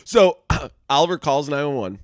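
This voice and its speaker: A man's voice: a little high, normal speed, no room sound, clean studio sound. A man, co-hosting a casual podcast, telling a story with lots of laughter, swearing and acted-out quotes. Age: 40s. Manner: animated, profane, laughs often, acts out quotes. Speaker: podcast co-host.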